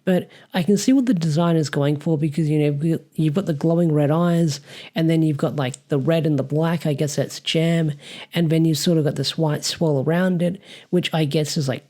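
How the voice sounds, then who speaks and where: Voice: mid-range voice, normal speed, warm tone. A reviewer with an Australian accent, talking through a story in a casual, rambling way with many fillers. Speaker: comic reviewer.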